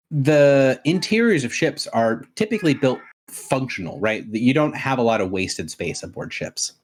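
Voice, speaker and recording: A man narrating and explaining options as game master of a tabletop game, in a relaxed, rambling way. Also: medium pitch.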